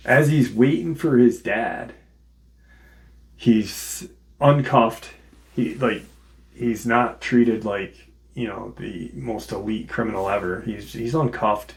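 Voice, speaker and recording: A man's voice: lowish voice, slow, creaky. A man hosting a paranormal channel, casually retelling a listener's encounter and quoting the dialogue as he goes. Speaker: paranormal story channel host.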